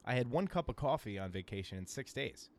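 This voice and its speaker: A man's voice: mid-range voice, a little fast, no room sound. A man telling rambling, profane stories in a casual podcast chat. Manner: rambling, profane, animated storytelling. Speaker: podcast co-host.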